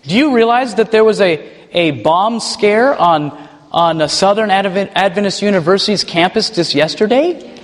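A man preaching a sermon to his congregation, animated, now and then mocking people in put-on voices. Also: sits high, normal speed. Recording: long hall reverb.

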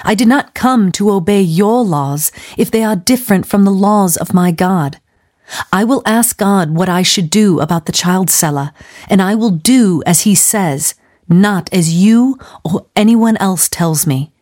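A woman's voice: mid-range voice, unhurried, darkish tone, natural voice. Woman doing a firm missionary heroine. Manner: firm and commanding. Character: determined, outspoken missionary woman.

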